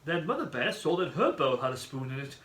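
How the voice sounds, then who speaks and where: A man narrating a children's story in an animated, expressive manner. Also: medium pitch, a little fast. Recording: echoey room.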